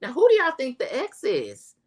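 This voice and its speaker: A woman's voice: sits high, huge pitch swings, moderate pace, breathy edge. A woman hosting a casual livestream that recaps a reality show, talking straight to her viewers as y'all and reading their chat comments aloud.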